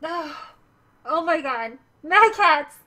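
A woman's voice: high-pitched, animated, slow pace, sharp tone. A woman streamer, tearful and crying, gushing and apologetic as she thanks viewers during a live stream.

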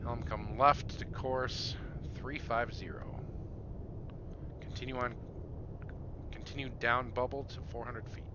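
A man's voice: medium pitch, fairly even intonation, slow, pauses often, muffled recording, noisy background. A man streaming a game, eagerly commenting, asking viewers for input, and calling out naval orders. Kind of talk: live gameplay commentary. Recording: game sounds loud behind the voice.

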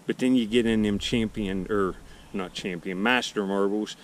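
Lowish voiced guy out of breath, digging outside, gets all excited over old bottles, lots of outdoor noise. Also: moderate pace. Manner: excitable, marvels aloud at finds. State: out of breath in the heat. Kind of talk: casual narration while digging. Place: old dump in the woods, outdoors.

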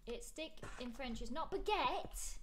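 A young woman chatting playfully on a game stream, talking in quick bursts. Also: high voice, expressive, fairly bright tone, slight background noise. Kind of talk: casual gaming stream chat.

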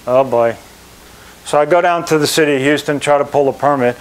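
Middle-aged man, club manager type, animated storyteller, slightly high voice. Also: fairly quick, smooth. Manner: animated storyteller, acts out quoted people. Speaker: country club general manager. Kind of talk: anecdotal talk to an audience.

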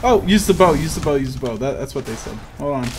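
A young man giving casual, profane, joking commentary while playing a video game, quick to get frustrated. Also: mid-range voice, expressive, music in the background. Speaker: gaming video host. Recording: audible background noise.

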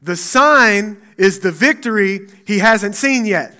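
A man preaching a sermon as pastor in a church, acting out Bible dialogue and swinging between loud and hushed. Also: sits high, lively intonation, slow.

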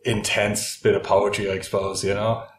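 A man in his forties with an Irish accent, chatting as a podcast guest and telling lively stories full of "like" and "you know". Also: fairly low pitch, normal speed, roomy sound, a little hiss or hum. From Ireland. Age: 40s. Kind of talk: casual anecdote-telling in conversation.

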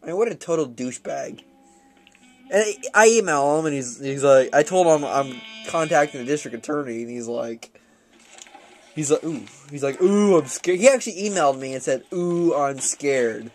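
A man's voice: on the high side, animated, a little fast, faint music behind. A young man ranting casually and profanely while playing a shooter game, rambling and laughing often.

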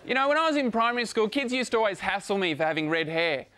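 A young Australian man doing a stand-up routine on stage, with dry, deadpan jokes. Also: high-pitched, fast talker, crowd noise, noisy background. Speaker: stand-up comedian. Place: comedy stage before a live crowd.

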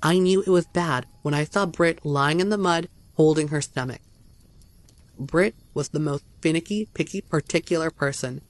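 A man's voice: on the high side, normal speed, dry recording. A man reading a first-person horror story aloud as a narrator, tense and dramatic.

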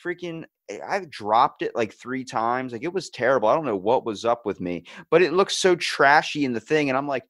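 A man hosting a podcast in casual chat, telling stories with animated quoted voices and cursing. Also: medium pitch, normal speed, hardly any pauses, no room sound. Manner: animated storyteller, acts out quotes, swears. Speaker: podcast host.

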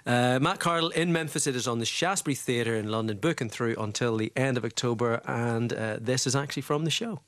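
Playful radio host guy, teases his guest, mid-pitched voice, dry close mic. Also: a little fast, few pauses, fairly bright tone, no room sound. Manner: teasing, playful. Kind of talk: casual radio interview chat. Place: radio studio.

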